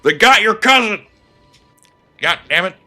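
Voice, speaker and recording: A man's voice: sits high, animated, unhurried, faint music behind, voice pushed up, exaggerated voice. A man doing a frantic working-class English soldier. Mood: panicked yelling. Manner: shouting frantic callouts. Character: panicked male enemy soldier yelling in combat.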